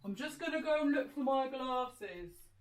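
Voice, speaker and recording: Woman playing a booming, sniffing giant. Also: animated, unhurried. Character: big grumpy giant hunting stinky children. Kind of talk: children's sensory storytelling.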